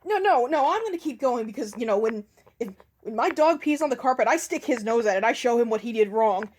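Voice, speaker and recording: Brief: woman commentator on the high side, sarcastic and cutting, hesitant fillers between barbs. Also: lively intonation, fairly quick, a little mellow, slight background noise. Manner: sarcastic, profane, with frequent ums. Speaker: commentator responding to a video. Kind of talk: casual commentary rant.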